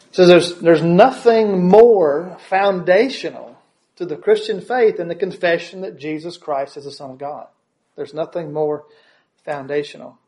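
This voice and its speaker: A man's voice: on the high side, a little slow, a little mellow. A man preaching in a sermon, retelling a story with frequent restarts and tag questions.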